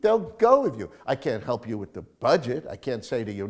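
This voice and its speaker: A male screenwriter in an interview, talking in an animated storytelling way, acting out film scenes and swinging from hushed to loud. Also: mid-range voice, fairly quick, few pauses. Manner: acts out film scenes, mimics crowds, shifts from hushed to loud.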